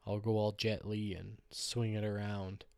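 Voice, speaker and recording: A man's voice: on the low side, little pitch movement, unhurried, vocal fry, darkish tone, clean tone, no echo. A man hosting a solo podcast, chatting casually in a loose, rambling, joking way with some swearing. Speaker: podcast host. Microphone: podcast microphone.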